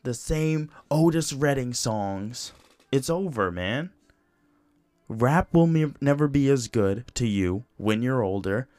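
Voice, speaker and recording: A man's voice: mid-range voice, expressive, slow, a little mellow, dry recording. A young man hosting a solo podcast, talking casually in a rambling, profane way with lots of "you know" and restarts. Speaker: podcast host.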